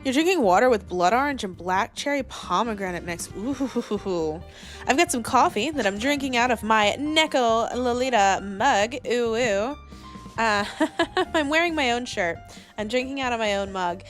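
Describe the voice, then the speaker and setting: A woman's voice: on the high side, animated, moderate pace, fairly bright tone, soft background music. Woman, VTuber streamer, casual chatter, greets chat by name, fillers, attic, new mic. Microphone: new studio microphone.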